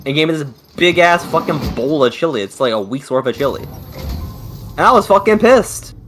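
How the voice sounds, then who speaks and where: A man's voice: on the high side, big pitch swings, a little fast, a bit bright. A young man chatting casually, telling a profane, rambling story full of fillers. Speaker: streamer. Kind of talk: casual chat. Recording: noisy background.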